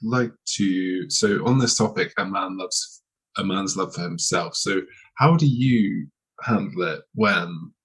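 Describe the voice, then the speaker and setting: Male podcast host, deep husky voice, enthusiastic, rambling. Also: takes it slowly, fairly bright tone, low-quality recording. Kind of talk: podcast conversation.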